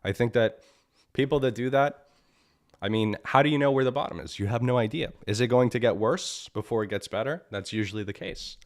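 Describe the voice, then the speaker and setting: A man's voice: medium pitch, fairly quick. A man hosting a live market analysis stream. He sounds annoyed, talks bluntly, repeats himself and keeps asking "right?". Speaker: trading stream host.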